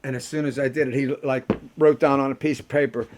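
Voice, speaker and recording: An older man, a rock musician bantering with the audience between songs and telling stories in a salty, rough-edged way. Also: medium pitch, steady tone, moderate pace, noisy background. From Pittsburgh. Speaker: rock musician performing a solo show.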